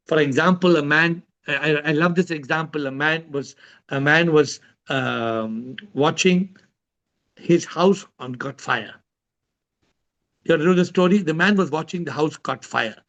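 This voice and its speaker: A man hosting an online group discussion, telling stories and acting out characters. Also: a little high. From India. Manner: animated storytelling, acting out characters. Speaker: host. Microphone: video call. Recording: muffled video call audio.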